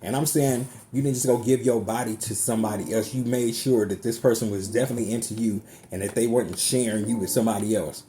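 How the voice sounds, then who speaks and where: A man's voice: on the low side, fairly even intonation, fast, few pauses, warm tone, a little hiss or hum. A man giving a casual tarot reading to his viewers, chatty and emphatic, swearing freely. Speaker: tarot card reader. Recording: music playing underneath.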